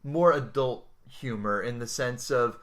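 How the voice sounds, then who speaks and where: A man's voice: mid-range voice, a little slow, fairly bright tone. A man co-hosting a podcast, chatting casually about comics and war history with thoughtful tangents. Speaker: podcast co-host.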